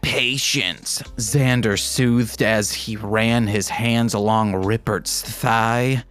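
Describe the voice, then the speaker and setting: An unhurried man reads fan fiction aloud as a podcast host, lingering over each line. He keeps stopping to make wry, self-mocking jokes about the text. Soft music plays faintly underneath. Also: on the low side, fairly even intonation. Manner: wry, self-mocking commentary between read passages. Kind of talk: reading fan fiction aloud with joking asides.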